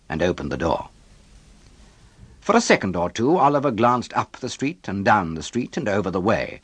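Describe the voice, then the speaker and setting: A man narrates a classic novel in a low voice that moves a lot in pitch. His storytelling is measured and expressive. The recording is dry and close. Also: breathy edge, no echo. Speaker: audiobook narrator.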